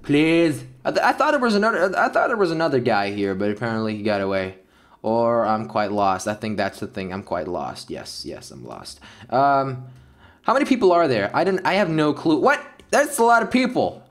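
A young man giving excitable Let's Play commentary over a game, yelping and laughing at the action. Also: mid-range voice, moderate pace. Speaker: gaming YouTuber.

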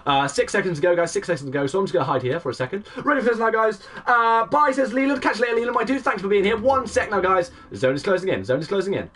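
Fast, lively streamer guy. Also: sits high, far from the mic. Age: 20s. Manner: excitable play-by-play, greeting chat viewers. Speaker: game streamer. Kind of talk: live gameplay commentary.

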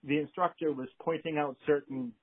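Male guest, New England accent, husky, hesitant rambling chat over a thin phone line. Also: fairly high pitch, steady tone. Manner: halting, many restarts and fillers. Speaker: guest, theater director. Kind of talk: casual conversation.

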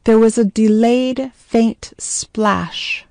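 A woman narrating a scripted story in a measured, clear way. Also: a little high, fairly even intonation, darkish tone, dry recording.

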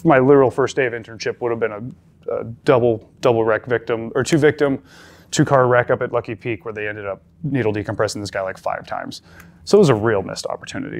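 A male paramedic instructor lectures a classroom in a medium-pitched voice. He talks conversationally and repeats the key points with emphasis.

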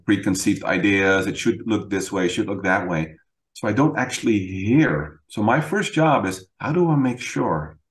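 A middle-aged man, a guest coach on a podcast, talking in a lively storytelling way and often checking in with "right?". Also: on the low side, roomy sound. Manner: animated storyteller, acts out quoted dialogue, frequent "right?". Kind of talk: conversational interview.

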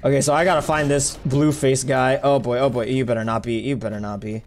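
A young man casually commenting on his own gameplay, excitable and slangy, often yelping and shouting at what happens on screen. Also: mid-range voice, quick pace, a little hiss or hum. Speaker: gaming video creator.

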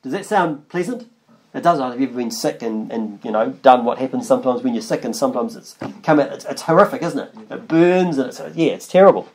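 A man with a mid-range, expressive voice and brisk delivery preaches a conversational sermon. He wanders, restarts and adds asides, and reads long scripture passages aloud.

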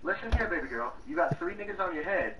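Fast-talking man taunting in voice chat. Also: high voice, animated, bright, forceful tone, low-quality recording. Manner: taunting, interrupting. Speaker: gamer in voice chat. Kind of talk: trash-talking game voice chat.

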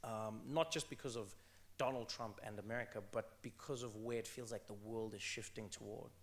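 A man in his thirties from South Africa, a guest in an interview, telling personal stories with animated energy and frequent restarts. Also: fairly low pitch, normal speed. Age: 30s. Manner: animated, repeats words when restarting, laughs while telling stories. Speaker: author and comedian guest. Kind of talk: conversational interview storytelling.

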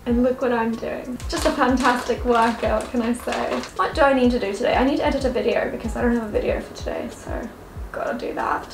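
A young woman talks fast while vlogging in her home kitchen, joking at her own expense, laughing often and speaking to her cat. Her voice is on the high side, steady in tone and creaky. The room echoes, with lofi music underneath.

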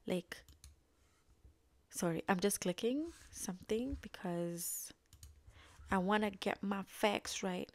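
A woman's voice: mid-range voice, a little slow, dry recording. A young woman casually recapping a TV episode, chatty, often acting out the characters' lines. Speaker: video reviewer.

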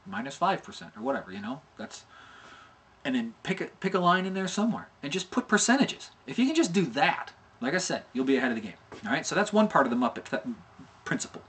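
A man's voice: fairly high pitch, fairly bright tone. A middle-aged man giving a casual animation tutorial, chatty and informal, often checking in with "okay?" and sounding out mouth shapes as he explains. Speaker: animation instructor.

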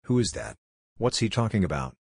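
Scared blind kid ninja stammering, man reading, deep dry voice. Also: animated, creaky, slightly rough, no echo, full character voice. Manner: halting, stammering. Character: frightened blinded young boy ninja.

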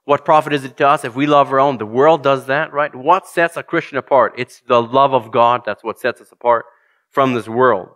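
A man's voice: medium pitch, moderate pace, a bit bright. A man preaching a sermon, earnest and direct, putting questions to his congregation and reading scripture aloud.

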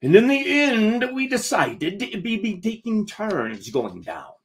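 A man's voice: high-pitched, big pitch swings, slow. A man reading a comic story aloud as a first-person pirate, using "be" in place of the usual verbs.

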